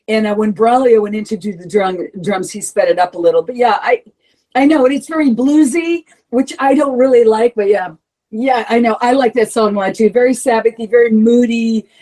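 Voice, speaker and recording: A woman singer talking candidly in a casual interview, swearing freely and breaking into animated asides. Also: on the high side, a little fast, low-quality recording. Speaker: heavy metal vocalist, interview guest.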